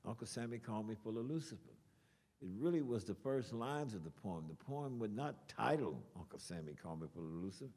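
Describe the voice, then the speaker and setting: An older man speaking as a guest to an audience, telling a story in an animated way with sound effects and swearing. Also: lowish voice, a little fast. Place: lecture hall. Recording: long reverb in a large hall.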